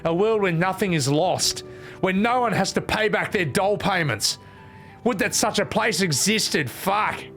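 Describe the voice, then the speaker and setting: A man's voice: high voice, expressive, unhurried, a bit bright, pitched above the performer's own voice, heavily acted. A lofty young queen, grand and cold, speaking in a broad Australian accent, as a man puts her on. She drops swear words into stately lines in a slightly raised voice, with faint game music playing behind. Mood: mock-solemn. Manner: mock-solemn, swears mid-speech. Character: gentle young queen turned cold ruler.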